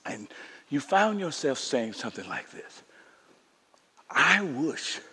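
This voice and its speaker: A man preaching a sermon as pastor, using call-and-response and repeated refrains, swinging from shouted peaks to hushed near-whispers, in a church sanctuary. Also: mid-range voice, sing-song, normal speed, slightly rough. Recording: long hall reverb of a sanctuary.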